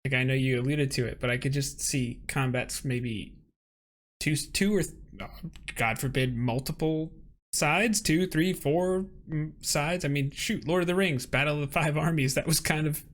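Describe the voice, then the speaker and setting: A man with a slightly higher voice, co-hosting a casual tabletop gaming chat. He talks in an animated way, chuckles often and acts out short quotes as he goes. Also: moderate pace. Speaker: co-host. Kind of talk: casual podcast chat about game mastering.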